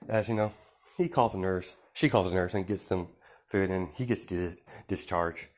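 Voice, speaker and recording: A man improvising a fan story aloud, rambling and correcting himself as he goes. His voice sits on the low side. The telling is loose and casual, full of fillers. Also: normal speed, a little mellow.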